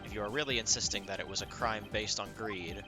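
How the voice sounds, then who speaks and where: A man voicing a calm, precise male prosecutor, measured and formal as he reads game dialogue aloud. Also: fairly low pitch, music in the background, lightly acted. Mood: composed. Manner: measured and formal, deliberate deduction.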